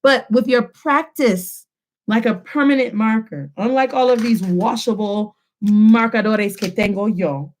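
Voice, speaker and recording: A young adult woman with a higher-pitched voice leads a live online Spanish class at an unhurried pace. She's lively, switching between English and Spanish as she drills students on repetition.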